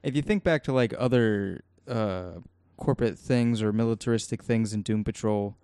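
A man's voice: fairly low pitch, normal speed, mellow, smooth, no room sound. Casual rambling male co-host. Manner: rambling, laughs easily, swears. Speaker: podcast co-host. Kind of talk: casual chat.

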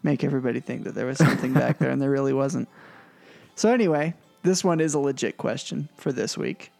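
A man's voice: medium pitch, fairly quick, creaky, a little mellow, faint music behind. A man co-hosting a casual podcast, chatty and self-deprecating. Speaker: podcast co-host. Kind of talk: casual chat.

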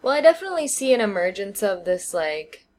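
A woman co-hosting a casual podcast chat, explaining her views at length with thoughtful pauses and fillers. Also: medium pitch, big pitch swings, a little mellow. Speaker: podcast co-host. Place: living in China.

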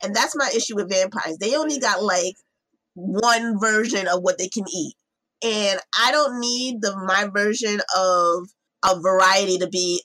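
A woman's voice: medium pitch, animated, unhurried, sharp tone. A woman co-hosting a podcast in casual chat, ranting emphatically and slipping into mock voices. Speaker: podcast co-host.

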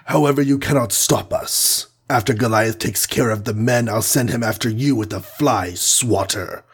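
A man voicing a cruel, mocking alien villain in a storybook reading, with a husky voice. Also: fairly low pitch, moderate pace. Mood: gloating. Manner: commanding, mocking. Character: sinister alien male villain, gloating and cruel.

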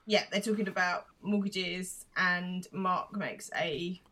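A woman's voice: fairly low pitch, steady tone, takes it slowly, bright, forceful tone. A woman co-hosting a podcast, chatting in an amused way and explaining local references. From Britain. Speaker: podcast co-host. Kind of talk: casual podcast recap chat.

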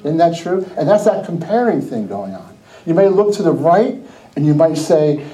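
A middle-aged man from New Jersey tells personal stories on a Christian podcast in a rather high, soft, mellow voice. He laughs often and acts out what people said, keeping the talk lively and casual. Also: normal speed, poor audio. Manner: animated, laughing, acts out quoted dialogue. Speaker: podcast host.

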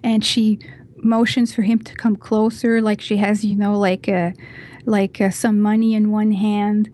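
A woman guest on a podcast, chatting casually and retelling a film scene in animated detail, with lots of "you know" fillers. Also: mid-range voice, unhurried.

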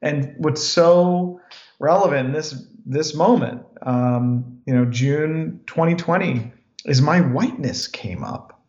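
A man in his forties, a podcast guest speaking in a calm and reflective way. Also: a little high, slow. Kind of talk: podcast interview. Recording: roomy, dull lo-fi sound.

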